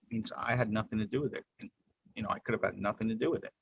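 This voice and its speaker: A man's voice: fairly low pitch, quick pace, vocal fry, husky, no echo, lo-fi sound. A man leading a workplace training workshop over a video call, explaining points casually and checking in with "right?". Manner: talks things through, asks "right?" often.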